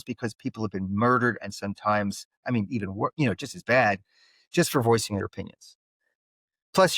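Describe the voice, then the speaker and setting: A man with a Philadelphia and South Jersey accent and a slightly high, nasal voice, telling stories as a guest in an interview. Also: no room sound. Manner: animated storyteller who acts out the other people in his stories. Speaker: guest, conflict mediator. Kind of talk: storytelling interview talk.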